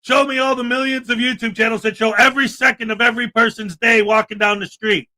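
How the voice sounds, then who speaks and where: Ranting on his livestream, a man with a very high-pitched voice sounds bright and cutting, hitting back at chat with sarcasm and indignation. He talks fast, though his delivery is flat.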